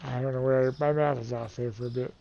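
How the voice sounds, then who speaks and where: A man's voice: mid-range voice, fairly even intonation, fairly quick, gravelly, mellow, dull audio. A man giving playful, casual commentary over a game, counting and thinking aloud to himself while he keeps yawning. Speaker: let's play gamer.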